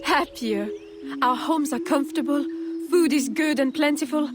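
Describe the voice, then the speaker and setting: Game role: woman as a high-voiced worker, eerily content and soft, music under the dialogue. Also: normal speed, lightly acted. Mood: serene. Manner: soft, insistently content speech.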